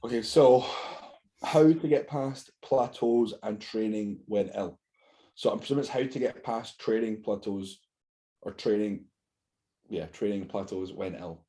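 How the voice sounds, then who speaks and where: A man's voice: on the low side, measured pace, dark tone. A man, co-hosting a casual podcast, blunt and slangy, reading out listener questions. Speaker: podcast co-host. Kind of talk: casual chat.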